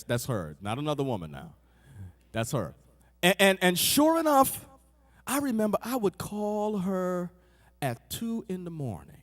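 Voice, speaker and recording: A middle-aged man preaching a sermon, swinging from shouted peaks to soft asides. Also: fairly high pitch, long reverb tail.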